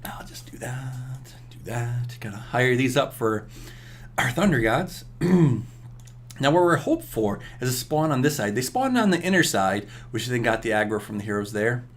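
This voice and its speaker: A man's voice: mid-range voice, sing-song, moderate pace, a bit bright. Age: adult. Sex: man. Style: rambling game commentary, talking to himself. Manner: rambling, scolds himself aloud, chuckles. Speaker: gameplay commentator. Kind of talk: casual gameplay commentary.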